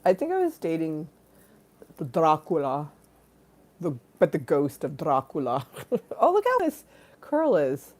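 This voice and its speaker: A woman's voice: low-pitched, huge pitch swings, measured pace, long pauses, darkish tone. A young adult woman hosting a casual live stream, rambling with bawdy jokes and frequent giggles. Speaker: livestream host.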